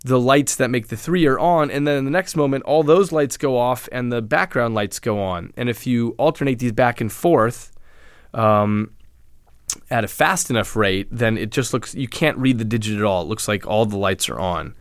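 A man speaks as an interview guest, laying out research step by step in a measured, patient way with small restarts. His voice sits at an ordinary pitch. The sound is dry and close, with no room echo. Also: clear, resonant tone. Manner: explanatory, measured, frequent restarts. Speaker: neuroscientist guest. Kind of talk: interview answers.

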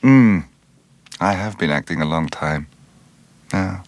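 An Irish-born man with a very deep voice talks through an interview in a reflective, unhurried way. He often restarts and lets phrases trail off. The sound is dry and close. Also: animated, no room sound. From Ireland. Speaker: actor, interview guest.

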